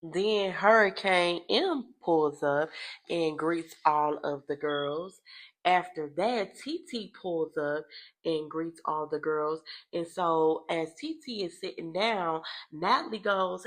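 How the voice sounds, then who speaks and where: A young adult woman recapping reality TV in casual, profane gossip with dramatic loud outbursts. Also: fairly low pitch, slow pace.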